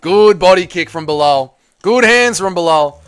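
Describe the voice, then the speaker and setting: A young man hosting a live watch party, reacting loudly to a fight, swearing and shouting at the screen. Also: high voice, normal speed, clean tone, dry recording. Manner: excitable, swears a lot, yells at the screen.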